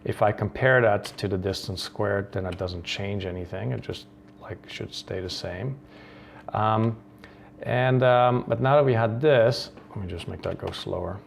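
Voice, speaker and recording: A man's voice: fairly low pitch, measured pace, vocal fry, slight background noise. A man from the Netherlands hosting a coding tutorial, thinking aloud with many ums and restarts. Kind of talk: screen-recorded coding tutorial.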